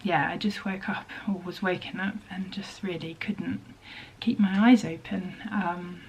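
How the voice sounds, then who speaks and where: A woman chatting casually in a home vlog about her sewing, speaking softly and often half-whispering, with many hesitant ums. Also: lowish voice, steady tone, measured pace, slight background noise, poor audio. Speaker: vlogger and maker of teddy bears. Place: home workspace at a sewing desk.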